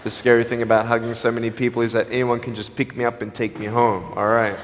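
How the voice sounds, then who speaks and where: A man giving an earnest, personal inspirational speech to a live audience, mixing in quick jokes. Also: mid-range voice, level tone, slight background noise. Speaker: motivational speaker. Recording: echoey hall with long reverb.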